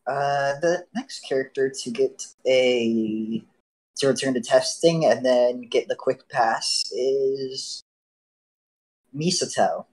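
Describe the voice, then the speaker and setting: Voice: mid-range voice, takes it slowly, darkish tone, rough recording. A host running a casual podcast, moving through topics with playful, teasing repetitions.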